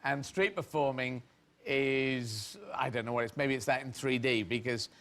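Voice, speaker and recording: On a talk show, a middle-aged comedian from England spins rambling stories at normal speed, his medium-pitched voice a bit bright. He frequently interrupts himself and laughs as he talks.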